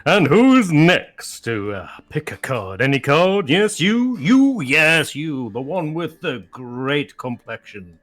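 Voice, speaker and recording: A man voicing a small gnome who magically booms like a carnival card-trick showman, barking patter at a crowd. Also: sing-song, takes it slowly, few pauses, fairly bright tone, heavily acted. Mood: showy, coaxing.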